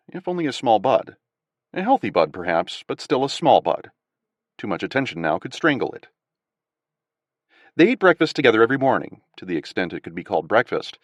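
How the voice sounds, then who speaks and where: A male audiobook narrator reading with lively, animated pitch and a middle-range voice. The sound is dry and close, recorded on a studio mic with no room echo. His delivery is expressive and scripted.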